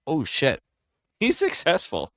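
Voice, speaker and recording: A man hosting a reaction channel, commenting in an excited way and often exclaiming and restarting his sentences. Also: a little high, takes it slowly, slight background noise.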